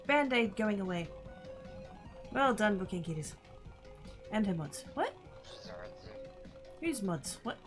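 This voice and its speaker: A woman streaming a game, chattering to herself and her viewers, squealing with excitement now and then. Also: mid-range voice, slow pace, long pauses. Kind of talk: casual gameplay livestream chatter. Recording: game music playing underneath.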